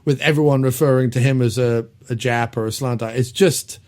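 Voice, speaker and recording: A man hosting a podcast, reviewing an old movie in casual chat, rambling with lots of ums and quick laughs. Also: mid-range voice, steady tone, darkish tone. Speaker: podcast host.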